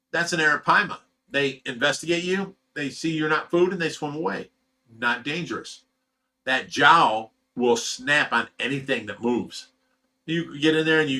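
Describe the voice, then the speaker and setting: His voice is fairly high, pushed, and bright. He's a fish rescue host on a casual livestream, reading viewers' comments and firing back loose, blunt answers between frequent chuckles.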